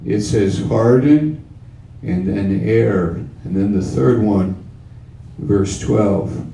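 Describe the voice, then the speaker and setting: Slow, low-voiced preacher in a roomy hall. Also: male voice, gravelly, dark tone, distant mic, slight background noise. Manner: slow, emphatic, with repeated phrases. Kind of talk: sermon. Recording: roomy sound from off-mic.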